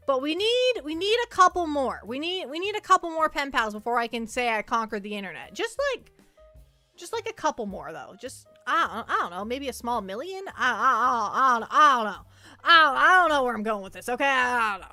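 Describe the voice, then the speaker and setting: A woman's voice: sits high, sharp tone, dry recording. A young woman streaming casually, rambling and stammering with many repeated words. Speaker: virtual streamer. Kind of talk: casual livestream chat.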